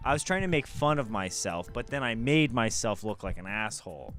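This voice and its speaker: A man's voice: fairly low pitch, sing-song, a little fast, a bit bright, faint music behind. A young man giving candid, self-critical commentary on his own stand-up set. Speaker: vlogger.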